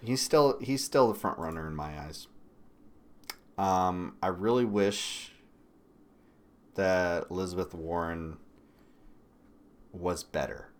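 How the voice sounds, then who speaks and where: A man from Michigan hosting a political commentary livestream. He talks bluntly and swears often, with sudden loud bursts between quieter asides. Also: sits low, slow pace, long pauses. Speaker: livestream host.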